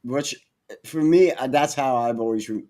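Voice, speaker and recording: A man's voice: medium pitch, normal speed, dark tone. A man co-hosting a podcast, chatting casually and chiming in often with short agreeing replies. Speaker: podcast co-host. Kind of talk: casual chat.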